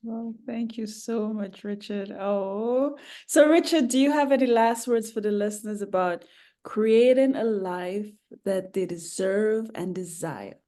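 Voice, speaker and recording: A woman hosting an interview, thanking her guest and asking questions in a gentle, affirming way. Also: mid-range voice, a little slow. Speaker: podcast host.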